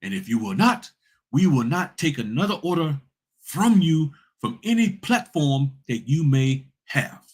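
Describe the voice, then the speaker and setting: A man voicing a stern, demanding male notary spokesman who makes slow, emphatic, formal declarations. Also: fairly high pitch, sing-song, breathy edge, pitched above the performer's own voice, full character voice.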